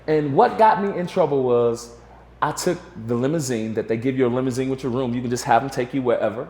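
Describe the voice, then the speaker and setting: A man in his forties, guesting on an interview, tells a long story in a loose, rambling way, packed with fillers and restarts that begin with "you know." His medium-pitched voice is slightly mellow, and he talks fast. The room gives the recording a noticeable echo.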